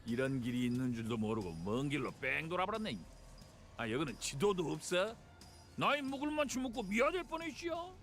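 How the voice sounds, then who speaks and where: Grizzled old game character, southern Korean dialect, rapid-fire patter, swooping intonation, folksy scolding. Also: male voice, fairly high pitch, music in the background. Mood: rueful. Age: older. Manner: folksy, scolding, lively drawl. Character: gruff older man with country drawl. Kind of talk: game voice acting.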